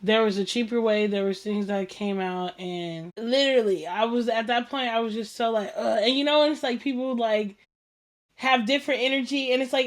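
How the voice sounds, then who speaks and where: A woman hosting a casual chat show, telling stories in an animated, slangy way, acting out what people said and laughing often. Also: a little high. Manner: animated storytelling, acts out quoted dialogue, laughs often; slangy and informal. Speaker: podcast host.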